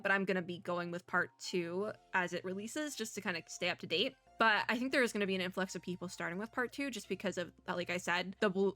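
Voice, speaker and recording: A woman's voice: fairly low pitch, bright, forceful tone. A young woman commentating casually while playing a game, chatty and rambling, laughing often and losing her voice. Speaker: gaming content creator. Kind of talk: casual let's-play commentary.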